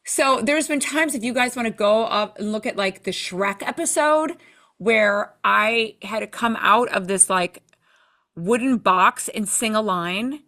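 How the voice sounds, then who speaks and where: A woman guest in a casual interview, telling lively stories and acting out what people said. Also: on the high side, a little slow. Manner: animated storyteller, acts out quoted lines. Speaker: TV show judge, interview guest.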